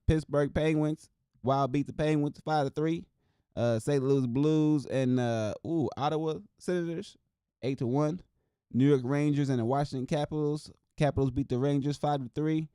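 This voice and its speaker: Man, from Wisconsin, solo show host, casual slangy chatter, excitable, middle pitch, dry close sound. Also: clear, resonant tone, no echo. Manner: loose, excitable, slangy, talks to viewers as y'all.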